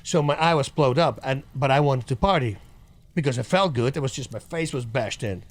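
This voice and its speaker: A middle-aged man recounts stories in a relaxed, chatty interview. He is animated and laughs often, jumping into the voices of the people he quotes. His pitch sits in a middle range. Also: a little fast. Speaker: guest, former fighter. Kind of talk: casual storytelling interview.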